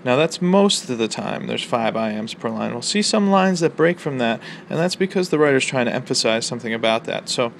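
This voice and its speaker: A man teaching a college English lesson on the sonnet, explaining in a relaxed way with frequent ums and uhs. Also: mid-range voice, gravelly, a little hiss or hum. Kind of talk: recorded lecture on poetry.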